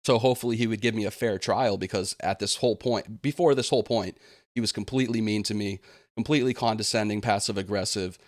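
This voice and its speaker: A man's voice: on the low side, fast, no echo, clean studio sound. A young man venting in a vlog monologue, aggrieved and indignant, slipping into sarcastic mocking quotes. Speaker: gaming channel host.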